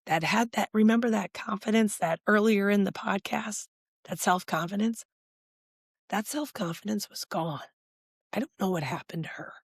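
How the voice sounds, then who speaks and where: Middle-aged woman, podcast guest, animated storyteller acting out old dialogue, dry close sound. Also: medium pitch, normal speed, vocal fry, husky, no echo. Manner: animated, acts out past dialogue, gets emotional. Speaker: guest, life coach. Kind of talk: candid conversational storytelling.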